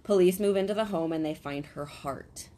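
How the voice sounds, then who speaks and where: Low-voiced woman podcasting, blunt crime storytelling, bit of background hiss. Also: moderate pace, dark tone. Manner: blunt, swears casually, dry reactions. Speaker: podcast co-host telling a true crime story.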